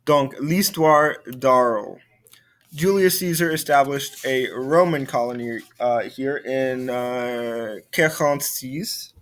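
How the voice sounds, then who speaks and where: This young adult man, a French instructor, talks slowly at a medium pitch in a recorded video lesson. His delivery is easygoing, with frequent fillers and restarts.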